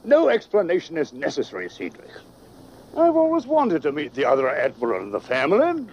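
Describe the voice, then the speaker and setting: An actor playing a stern, dryly amused older admiral who speaks briskly. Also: male voice, fairly high pitch, huge pitch swings, slight background noise. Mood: commanding. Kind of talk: 1960s sitcom acting. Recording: dull lo-fi TV audio.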